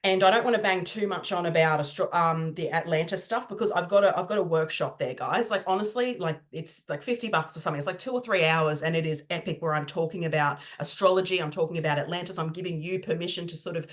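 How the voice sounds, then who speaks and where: A woman's voice: on the low side, fast talker, few pauses. A woman hosting a podcast, talking in a gushing, rambling way full of fillers. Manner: gushing, rambling, heavy use of "like" and "you know". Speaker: podcast host. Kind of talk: casual podcast chat.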